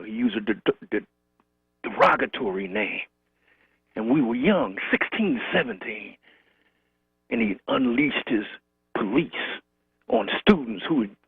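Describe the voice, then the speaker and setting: A man's voice: medium pitch, creaky, slightly rough, no echo. A man calling in to a talk show, remembering a friend in rhythmic, repetitive storytelling. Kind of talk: call-in tribute remembrance. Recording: tinny phone line.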